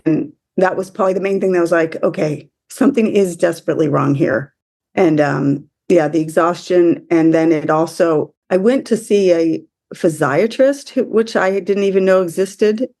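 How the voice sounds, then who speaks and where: A woman from the US speaking as a podcast guest, emotional and halting, often restarting her sentences. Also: lowish voice, darkish tone. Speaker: interview guest. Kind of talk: conversational interview.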